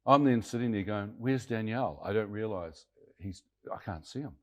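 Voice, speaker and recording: A man in his sixties with a fairly low voice. He tells a dramatic story from his own life as an interview guest, colloquial and vivid, and acts out the voices of the people in it. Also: moderate pace, slight background noise. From New Zealand.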